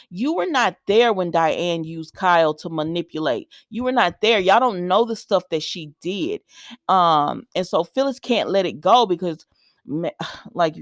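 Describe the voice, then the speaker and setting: A woman's voice: lowish voice, no room sound, studio quality. A woman who recaps a soap opera in casual chat. She retells the scenes by acting out the characters' lines.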